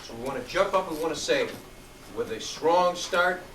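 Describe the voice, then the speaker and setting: A man's voice: fairly high pitch, expressive, moderate pace, a bit bright. Middle-aged guy running a kids class, peppy, far from the mic, lots of room echo. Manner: upbeat, encouraging, calls out to students. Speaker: youth program instructor. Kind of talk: classroom coaching. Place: large room with student tables. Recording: echoey room recorded from far, noisy.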